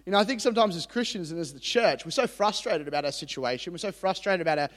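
A young Australian preacher delivers his sermon in an animated, self-deprecating style, often stopping to restart a sentence. His voice sits a little high for a man. A long hall reverb trails after each phrase. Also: fast talker. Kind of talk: sermon with personal story. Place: church hall.

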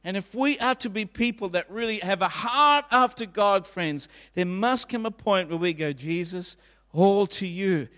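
A man's voice: high voice, animated, normal speed, few pauses, bright, forceful tone, big-room sound. A pastor in his fifties preaching a sermon in a church, emphatic and repetitive.

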